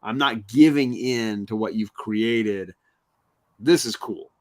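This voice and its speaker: A man's voice: on the low side, takes it slowly, darkish tone. A defiant young sorceress girl, fed up and finished with her captor, put on by a man in a loose, chatty way. She is lightly sketched, close to an everyday voice, with the lines dashed off as if paraphrased from a comic page. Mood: calm, resolved. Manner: casual paraphrasing of comic dialogue.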